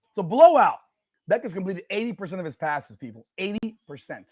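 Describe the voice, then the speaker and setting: A man hosting a live watch party, reacting loudly and profanely to a football game and arguing with the chat. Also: sits high, brisk, lo-fi sound. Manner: excitable, profane, argues with chat and the broadcast.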